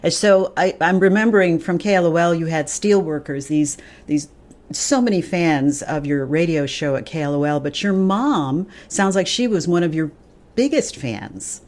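A woman's voice: low-pitched, moderate pace, a little mellow. A woman hosting an interview, listening attentively with short affirmations and follow-up questions. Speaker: interview host. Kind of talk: casual interview.

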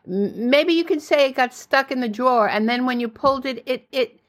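A woman's voice: high-pitched, a little fast, pitched above the performer's own voice, natural voice. Pushy teen girl friend, brash, swears a lot, full of schemes, voiced by a lady narrator. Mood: apologetic. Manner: pushy and upbeat, swears freely.

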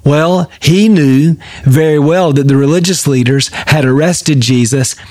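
A man's voice: fairly high pitch, measured pace, a little mellow, dry recording. Earnest pastor, a man with a dry close sound. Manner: earnest, emphatic preaching. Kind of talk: daily devotional Bible teaching.

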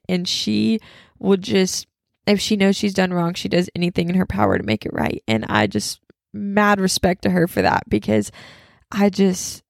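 In a gravelly, medium-pitched voice, a young woman talks casually about her faith and recounts a personal story as a Christian testimony. She's chatty, leans heavily on fillers and side comments, and describes herself as loud. The sound is dry and studio quality.

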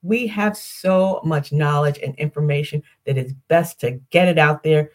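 A woman's voice: sits low, moderate pace, a little mellow. Upbeat older woman hosting a podcast. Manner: upbeat, explanatory, rhetorical questions and lists. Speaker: podcast host. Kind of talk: solo podcast teaching.

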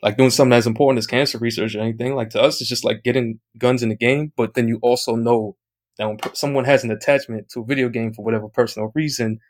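Excitable man telling a gaming story. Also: mid-range voice, fast. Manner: excited storyteller, acts out quoted chat, mild swearing. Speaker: guest, video game streamer. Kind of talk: casual anecdote on a podcast.

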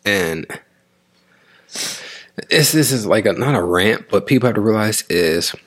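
A man with a low, husky voice talks casually with his partner. He explains things in an animated way and slips into quick acted-out voices to make his point. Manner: animated, acts out quoted voices while explaining. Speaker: podcast co-host talking with his partner. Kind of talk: casual relationship chat.

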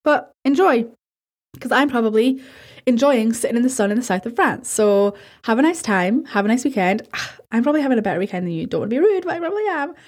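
A woman's voice: fairly high pitch, a little fast. A woman hosting a horror podcast, retelling creepy stories and then rambling casually and self-deprecatingly. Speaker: podcast host.

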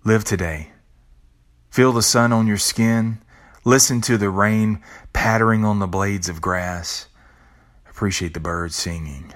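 A middle-aged man hosts a podcast, delivering an earnest, reflective monologue in a lowish voice with a fairly bright tone. He swears bluntly and casually, restarts his sentences, and repeats words.

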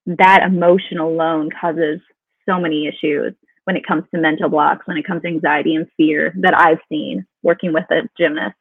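Female guest, conversational and relaxed, dry phone-line sound. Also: deep voice, moderate pace, creaky, breathy edge, no echo. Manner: conversational, many fillers like "you know". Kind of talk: casual interview.

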